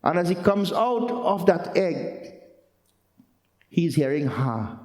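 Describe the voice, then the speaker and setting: A man tells a religious legend in an earnest, repetitive way. His voice sits fairly high for a man. It rings out in a roomy hall with a long echo. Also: expressive, slow, darkish tone. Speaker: religious storyteller. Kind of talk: storytelling sermon.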